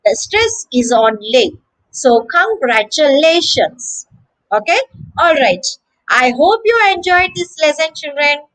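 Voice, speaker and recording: Slow, lively high-pitched woman teacher. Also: rough recording. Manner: syllable-by-syllable, encouraging, addresses children. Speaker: pronunciation teacher. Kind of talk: slow drilled pronunciation lesson.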